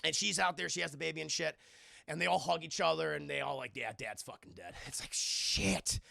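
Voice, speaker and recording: A man streaming a profane, excitable spoiler recap of a film to his chat, acting out scenes with shouts and sound effects. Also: a little high, fast talker, creaky, dry recording.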